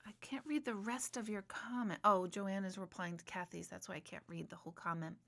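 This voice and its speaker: A woman's voice: medium pitch, fairly even intonation, fairly quick, gravelly, bright, forceful tone. A middle-aged woman hosting a live stream, talking candidly and rambling, reading viewer comments and swearing when she rants. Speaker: livestream host, intuitive reader.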